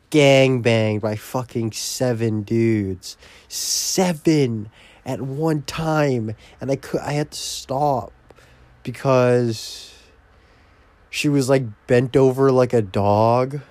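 A young man in a casual video diary, rambling crudely and breaking into loud, profane, exasperated outbursts. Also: medium pitch, no room sound. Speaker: vlogger.

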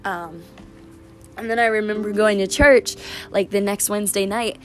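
A woman's voice: medium pitch, moderate pace. A young adult woman hosting a faith-based podcast, chatting in a rambling way full of "like" and "um" as she tells personal stories. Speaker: podcast host. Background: music.

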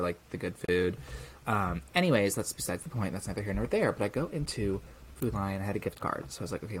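With a voice on the low side and slight background noise, this young man co-hosts a podcast. In a casual chat he tells a story with animation, acting out the characters' quoted lines.

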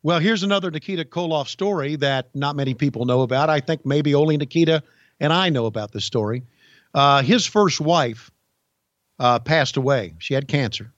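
A man's voice: a little high, a bit bright, no room sound. Folksy man, dry lo-fi sound. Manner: folksy storyteller, halting restarts. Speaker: podcast co-host, former wrestling insider. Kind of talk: casual chat, storytelling.

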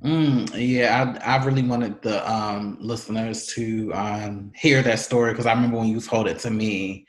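A man hosting a podcast, speaking hesitantly with many pauses and ums. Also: fairly low pitch, steady tone. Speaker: podcast host. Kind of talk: casual chat. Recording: roomy echo.

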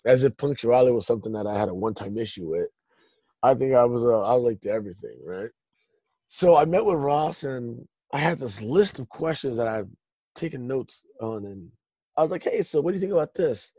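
A man recounts his life story in a relaxed, meandering way, stopping and restarting his sentences often. His voice is dark and mellow with a husky edge. The recording is dry, with no room sound. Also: medium pitch, a little fast, no echo. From Northern California. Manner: rambling, many restarts and fillers, laughs while telling. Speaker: guest telling his faith story. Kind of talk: casual storytelling.

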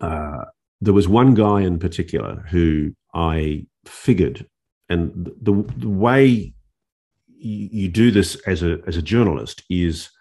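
A male journalist telling a story in an interview, animated, with restarts and dramatic pauses. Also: sits low. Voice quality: gravelly, husky.

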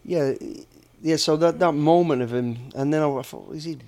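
A man's voice: a little high, moderate pace, darkish tone. A middle-aged man from the United Kingdom, blunt and plain-spoken, telling stories in a casual podcast chat. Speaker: podcast host, former soldier and bodyguard.

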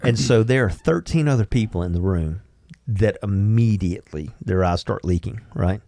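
A man hosting a podcast, telling a story casually and lively, acting out the lines he quotes. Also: on the low side, moderate pace, no room sound. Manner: animated, acts out quoted lines. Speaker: podcast host.

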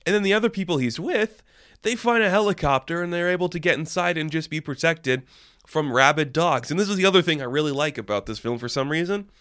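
Excitable young man recapping a movie. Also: a little high, fast, clear, resonant tone, no echo, studio quality. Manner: excitable, rambling, often incredulous. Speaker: movie reviewer.

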